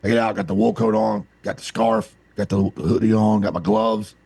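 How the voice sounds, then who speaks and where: Co-hosting a podcast, this man from the American South drifts through lengthy anecdotes with lively energy in a casual chat. His fairly low voice is creaky and a little rough, delivered at a normal speed in a recording free of echo.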